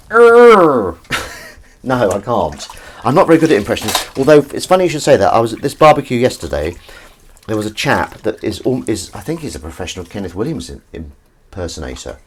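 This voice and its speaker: A man's voice: low voice, slight background noise. A man hosting a casual live stream from his kitchen sink, rambling and chatting with his viewers. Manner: rambling, chatty, reads out and answers chat. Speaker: livestream host.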